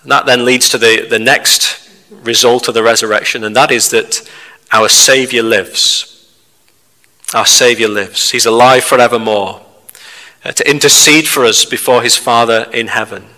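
A man preaching a sermon, measured and steady, putting questions to the listeners. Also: mid-range voice. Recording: reverberant hall.

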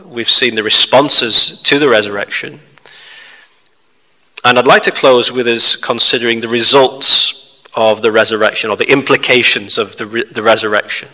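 A man preaching a sermon, measured and steady, putting questions to the listeners. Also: medium pitch. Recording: reverberant hall.

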